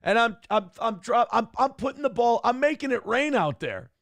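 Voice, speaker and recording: A man's voice: very high voice, sing-song, normal speed, a bit bright, no echo. A man in his thirties hosting a live morning show, telling a family story in casual chat, swearing freely and laughing as he goes. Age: 30s.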